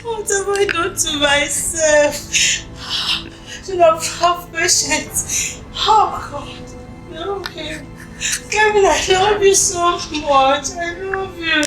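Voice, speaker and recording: A woman's voice: very high voice, very slow, heavily acted. A tearful girlfriend begging forgiveness. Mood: despairing. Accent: Ghanaian. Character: young woman begging her boyfriend's forgiveness. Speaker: pleading girlfriend. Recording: echoey room, mic far off. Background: film score music.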